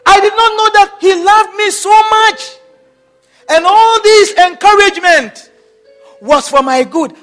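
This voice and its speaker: A man's voice: very high-pitched, a bit bright. A man preaching a sermon, repeating his phrases and urging his listeners on with emphatic exhortation.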